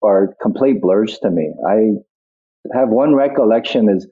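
A man's voice: lowish voice, a little slow, husky. A man being interviewed as a guest actor, telling stories reflectively with many restarts, over a tinny phone-like line. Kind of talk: interview conversation.

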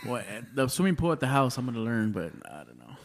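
A man's voice: mid-range voice, very animated, quick pace, creaky. A man, telling rambling, profane stories in casual chat, full of restarts. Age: 30s.

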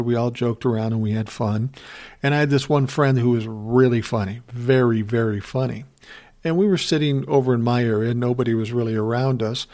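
A middle-aged man talks through a story from his working life in a plain, blunt way. His tone is wry and conversational, and his pitch sits in an ordinary middle range. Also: darkish tone. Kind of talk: casual storytelling monologue.

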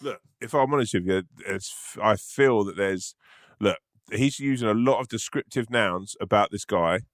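Rambling man with a low voice. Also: moderate pace, no echo, clean studio sound. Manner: rambling, self-mocking, laughs often. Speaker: podcast co-host. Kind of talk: casual comedic chat.

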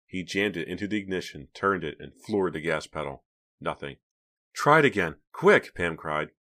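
A man narrating an audiobook in a steady, even storytelling manner. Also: a bass voice, normal speed. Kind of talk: scripted narration.

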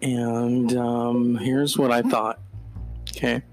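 A man hosting a casual solo podcast, talking in an animated, digressive way with mock-dramatic outbursts. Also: mid-range voice, slow, soft background music. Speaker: podcast host.

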